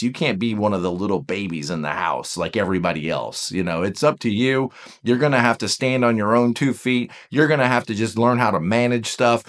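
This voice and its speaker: Man doing a stern parent voice, deep and lecturing, quieter than his own. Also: natural voice. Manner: firm, lecturing. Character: stern parent scolding a child.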